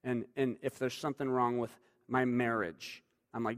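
A male preacher giving a sermon in a conversational way, moving between loud emphasis and quiet asides. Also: mid-range voice, steady tone, normal speed. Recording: long hall reverb.

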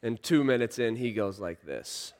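A man in his thirties preaching a sermon, telling a story and swinging from hushed lines to shouts. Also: mid-range voice, moderate pace. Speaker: pastor. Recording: long reverb of a large hall.

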